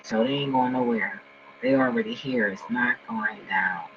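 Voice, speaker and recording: Man, casual vlog rant, profane, loud bursts and mumbled asides, dull lo-fi recording, faint hum. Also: moderate pace, gravelly. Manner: profane, swings between loud outbursts and low mumbling. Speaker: vlogger.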